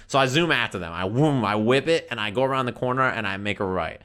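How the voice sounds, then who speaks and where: A man streaming to his chat, telling a story in a profane, exasperated, animated rant. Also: fairly low pitch, fast, few pauses, clear, resonant tone.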